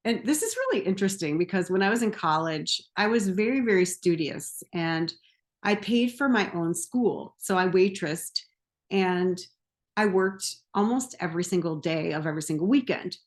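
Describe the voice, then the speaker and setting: Woman coach, casual to-camera talk, mid pitch, easy laughs and lively asides. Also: moderate pace. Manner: conversational, laughs often, animated asides. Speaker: empowerment coach.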